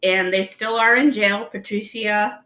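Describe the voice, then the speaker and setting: A woman co-hosting a podcast chats casually at an ordinary pitch. Her voice is bright and forward. She laughs often and explains things at length. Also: fairly even intonation, unhurried, rough recording. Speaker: podcast co-host. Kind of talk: casual chat.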